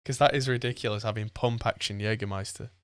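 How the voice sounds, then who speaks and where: A man's voice: on the low side, fairly even intonation, fast, smooth, dry recording, clean studio sound. A man hosting a podcast, chatting casually and rambling with frequent laughs. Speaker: podcast host. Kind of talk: casual chat.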